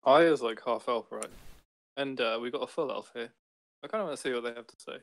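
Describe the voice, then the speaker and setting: Player, male, mid pitch, dry, casual and halting. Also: creaky, a bit bright, dry recording. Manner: hesitant, with ums. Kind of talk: casual tabletop play.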